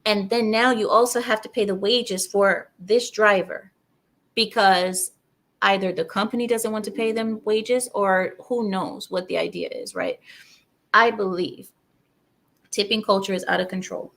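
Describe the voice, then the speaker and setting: A woman's voice: mid-range voice, normal speed. Ranting woman host talking to viewers. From outside America. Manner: animated, ranting, asides to viewers. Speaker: channel host. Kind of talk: casual opinion commentary to viewers.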